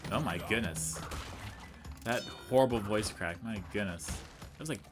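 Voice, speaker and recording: A young man with a lowish voice chats his way through a playthrough, wandering off into stories and poking fun at himself. Soft game music plays faintly underneath. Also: unhurried, vocal fry. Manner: rambling storyteller, chatty and self-mocking, talks to the game. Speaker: let's play commentator. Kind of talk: casual gameplay commentary.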